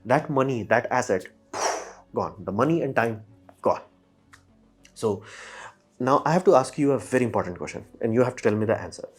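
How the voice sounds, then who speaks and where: A man hosting a casual commentary monologue, animated and full of slangy asides and direct questions to the listener. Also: mid-range voice, a little fast, long pauses, husky. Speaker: host.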